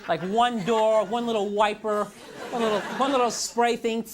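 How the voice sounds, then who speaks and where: A man with a high voice, fairly even intonation and a moderate pace rants on a club stage during a stand-up routine. He mocks himself in frustration and switches into mocking voices, while the live recording picks up crowd noise and laughter.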